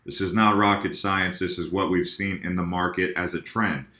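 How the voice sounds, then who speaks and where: A man's voice: low voice, fairly even intonation, normal speed, bright, forceful tone, reverberant. A man hosting a casual video about crypto charts and talking straight to his viewers, often correcting himself mid-sentence. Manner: chatty, addresses viewers directly, self-corrects.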